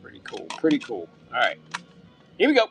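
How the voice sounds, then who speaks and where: A man's voice: mid-range voice, wildly swooping pitch, a little fast, a bit bright, soft background music. A man hosting a live-stream auction, upbeat and thanking buyers by name, sometimes muttering to himself as he handles items.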